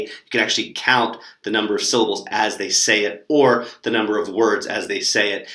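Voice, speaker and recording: Bright-voiced young man giving teaching tips. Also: lowish voice, roomy sound. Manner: relaxed, lots of fillers, demonstrates words with gestures. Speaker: online English teacher. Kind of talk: casual teaching tips video.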